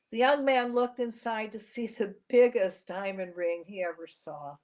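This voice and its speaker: Middle-aged host, heartfelt storyteller, mid-pitched woman. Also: steady tone, unhurried, few pauses, a little mellow. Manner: emotional, heartfelt. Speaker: show host. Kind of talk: storytelling narration.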